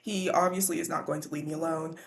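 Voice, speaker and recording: A woman voicing a wary, hungry ten-year-old boy, blunt and tired, in her own fairly low voice. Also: fairly even intonation, fast talker.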